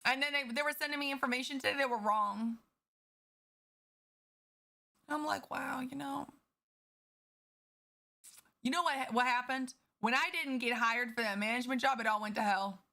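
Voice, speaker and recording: Streamer lady venting to chat, cusses a lot, kinda high bright voice. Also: moderate pace. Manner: candid, profane, venting. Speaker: livestreamer. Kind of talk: casual chat with stream viewers.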